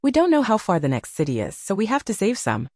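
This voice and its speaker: A woman's voice: medium pitch, huge pitch swings, fast talker, no room sound, studio quality. A woman voicing a kind-hearted, frugal young woman in an audiobook. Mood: practical. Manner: gentle, practical. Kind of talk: audiobook character voice.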